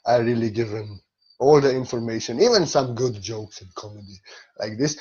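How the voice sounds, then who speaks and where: A man giving a gentle, rambling spiritual talk in halting, non-native English. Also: medium pitch, husky, muffled recording. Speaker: spiritual teacher.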